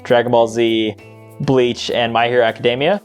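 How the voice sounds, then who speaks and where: Man, podcast co-host, casual chat, easy laughter, mid-pitched voice. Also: normal speed, clear, resonant tone, faint music behind. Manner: laughs often, relaxed and rambling.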